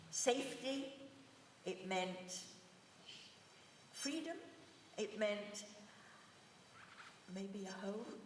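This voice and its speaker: An older woman giving a personal testimony talk in a synagogue, with measured, gentle, reflective storytelling. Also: medium pitch, a little hiss or hum. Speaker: guest speaker. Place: synagogue hall. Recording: echoey hall, voice from far off.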